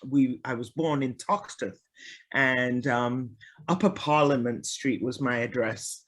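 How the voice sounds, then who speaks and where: Here a Liverpool-born woman, a guest musician, is relaxed in conversation with an interviewer, her Liverpool accent softened. She has a bass voice and a slow pace. Talk comes easily to her, punctuated by frequent laughter and trailing ums.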